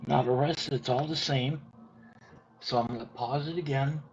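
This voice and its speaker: A man giving a casual step-by-step wire jewelry tutorial from his worktable, explaining plainly with pauses. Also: mid-range voice, steady tone, a little mellow. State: talking with his mouth full. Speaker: jewelry maker demonstrating. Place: indoors at a worktable. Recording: dull lo-fi sound with faint room noise.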